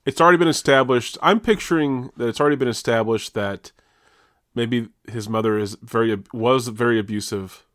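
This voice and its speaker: A man's voice: mid-range voice, a little fast, dry recording. Man, podcast co-host, casual chat, laughing often, dry close sound. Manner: laughing, animated, restarts often.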